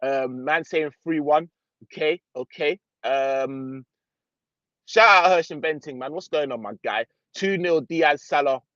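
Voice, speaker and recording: A young man hosts a relaxed live football stream, chatting in slang and reading viewer comments aloud. His voice sits a little high. The sound is dry and slightly muffled, like a lo-fi home mic. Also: measured pace, no echo. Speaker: football channel host. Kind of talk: casual live stream chat.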